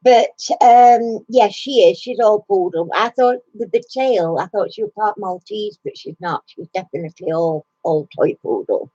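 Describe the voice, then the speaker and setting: Her voice is medium-pitched and warm, moving at normal speed with few pauses, in a dry, lo-fi recording. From her recliner at home, this live stream host chats casually, laughs a lot, and talks baby talk to her dog.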